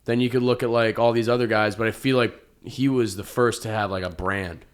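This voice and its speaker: A man's voice: lowish voice, steady tone, fairly quick, clean tone. A young man co-hosting a comedy podcast, chatting casually in a loose, rambling, jokey way. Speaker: podcast co-host.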